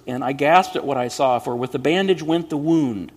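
A man reading a story aloud in a measured, expressive way, in a long hall reverb. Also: medium pitch. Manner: measured, expressive, hushed at sad moments.

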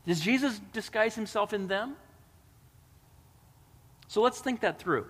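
A man's voice: high-pitched, expressive, a little slow, fairly bright tone, breathy edge. A man preaching a sermon, reading scripture dramatically and explaining it with emphatic, rising delivery. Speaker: pastor. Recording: long hall reverb.

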